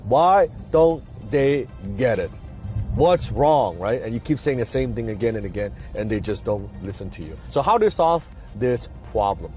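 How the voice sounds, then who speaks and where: A man's voice: medium pitch, big pitch swings, normal speed, darkish tone, faint music behind. A man speaking English as a second language, giving an emphatic motivational talk with rhetorical questions and repeated key phrases. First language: not English.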